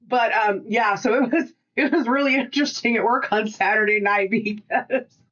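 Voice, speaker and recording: A woman co-hosts a casual podcast, telling stories as an animated storyteller who swears freely and acts out quotes. Her voice is fairly high-pitched at a moderate pace, and the audio has a lo-fi quality.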